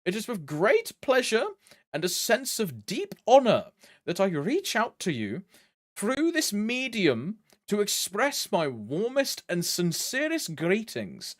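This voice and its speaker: A man's voice: sits high, wildly swooping pitch, slow pace, full character voice. A man doing a pompous formal letter writer. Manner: grandly formal, drawn out.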